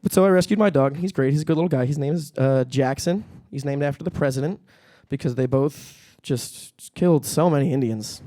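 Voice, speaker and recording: A young man doing stand-up on a stage with a handheld mic. His voice sits a bit high for a man, and he talks in a dry, deadpan way, then jumps into squeaky, panicky voices when a joke lands. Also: brisk, few pauses. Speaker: stand-up comedian. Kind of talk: stand-up comedy set. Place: comedy stage at a live-streamed event.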